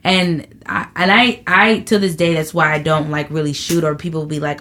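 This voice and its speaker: A woman comedian guest in a casual interview, telling stories in an animated, profane way and acting out quotes. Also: low voice, moderate pace, hardly any pauses.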